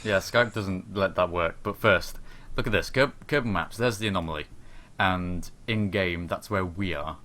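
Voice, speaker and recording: A man's voice: deep voice, moderate pace, sharp tone. A man hosting a casual gaming livestream, taking charge and planning the next move with his co-hosts.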